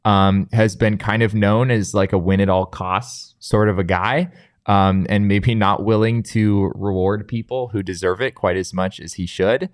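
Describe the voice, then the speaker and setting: A young man co-hosting a casual sports talk stream. His voice sits low and deep, and he talks in animated bursts, restarting his sentences. The sound is dry and close, with little room to it. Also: measured pace, dry recording. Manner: animated, with frequent restarts and filler "like". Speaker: sports talk show co-host.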